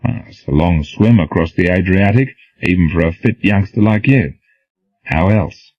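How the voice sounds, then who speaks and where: A man plays an unflappable commando leader with a dry wit, with a low, husky voice. He speaks calmly, without heat, in a dull, dry audiobook recording. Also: moderate pace, no echo. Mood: steady. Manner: calm, dry. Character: calm, dry-witted male commando leader.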